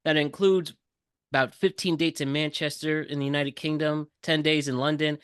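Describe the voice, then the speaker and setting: A man co-hosting a podcast, giving lively news-style rundowns in casual chat. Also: a little high, moderate pace, smooth, dry recording, clean studio sound. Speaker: podcast co-host.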